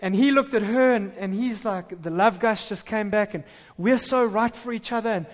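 A man preaching a sermon as pastor, animated and full of stammered restarts. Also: sits high, moderate pace. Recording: reverberant hall.

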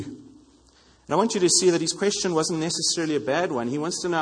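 A man's voice: a little high, brisk, slightly rough. A man preaching a sermon in an earnest way, repeating phrases for emphasis. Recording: long reverb of a hall.

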